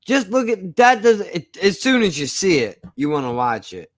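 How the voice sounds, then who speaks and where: An excitable man co-hosting a casual chat over a video call, calling his friend "dude" and "bro". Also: sits high, moderate pace, no echo, clean studio sound. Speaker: podcast co-host.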